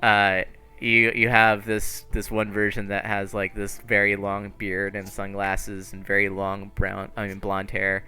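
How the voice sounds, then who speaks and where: A man's voice: on the low side, completely flat delivery, a little slow, pushed and bright, soft background music. A man narrating a tabletop game as game master, laid-back and full of fillers. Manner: laid-back, filler-heavy, laughs often.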